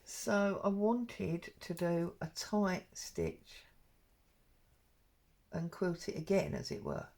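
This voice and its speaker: A woman's voice: fairly low pitch, wildly swooping pitch, slow pace, gravelly, darkish tone. A woman talking casually and rambling as she works on an embroidery project, with plenty of ums. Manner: rambling and chatty, with frequent ums. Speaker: craft vlogger. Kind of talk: casual stitch-along chat.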